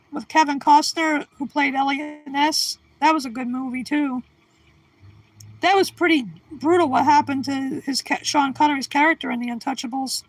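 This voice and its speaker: Woman, 60s, high voice, rambling livestream host chatting with viewers, dry close sound. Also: a bit bright, dry recording, low-quality recording. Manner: rambling, chatty, restarts and trails off. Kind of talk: casual chat answering live viewers.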